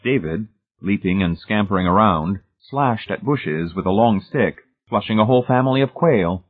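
A man narrating a story aloud in a measured reading. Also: on the low side, expressive. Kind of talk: audiobook narration. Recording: tinny phone-like band.

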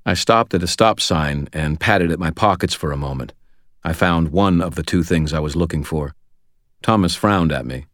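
A man reading a first-person novel aloud in a steady, measured storytelling voice, recorded close to the mic. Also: extremely low pitch, dry recording. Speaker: audiobook narrator.

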